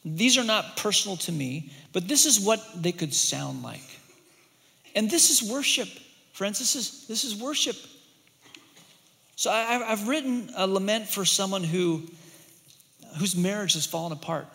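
A man preaching a sermon as pastor, earnest and emphatic, at times pleading and at times softening. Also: high voice, a little slow, gravelly, big-room sound.

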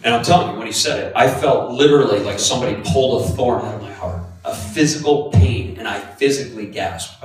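A man's voice: mid-range voice, a little fast, hardly any pauses, recorded from a distance, background noise. Man preaching in an echoey hall. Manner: storytelling, animated and confessional. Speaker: pastor. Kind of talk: sermon.

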